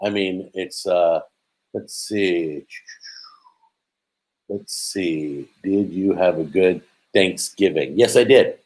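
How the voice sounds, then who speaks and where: A middle-aged man with a low voice chats casually through a live stream. He reads viewer comments aloud and rambles along with plenty of ums and restarts, as a show host would. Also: darkish tone, low-quality recording. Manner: rambling, chatty, halting with many fillers. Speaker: host reading live chat.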